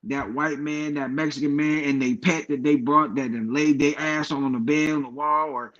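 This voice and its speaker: A man's voice: on the high side, moderate pace. A man from Cleveland telling profane stories in casual chat, acting out the people he quotes. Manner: animated storyteller, profane, acts out quoted people. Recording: dull lo-fi sound.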